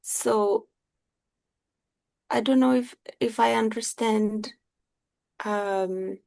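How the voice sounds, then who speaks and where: A woman in a study group asking a question haltingly, with many pauses and fillers. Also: a little high, fairly even intonation, creaky, darkish tone, no room sound. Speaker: class participant.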